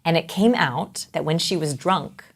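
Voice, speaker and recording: A middle-aged woman speaking as an interview guest, explaining body language in an animated, conversational way. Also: deep voice, moderate pace, breathy edge. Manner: animated, acts out quoted voices.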